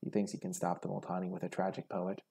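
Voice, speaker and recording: A man's voice: low voice, monotone, fast, creaky, dark tone, husky. A young man giving casual, chatty commentary over a card game, thinking aloud and criticizing his own plays. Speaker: gaming streamer.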